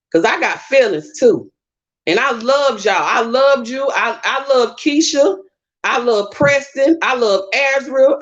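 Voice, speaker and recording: A woman's voice: a little high, fairly bright tone. Heated woman on a lo-fi call. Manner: emotional, confrontational, repeats herself. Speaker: guest. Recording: dull lo-fi online call audio.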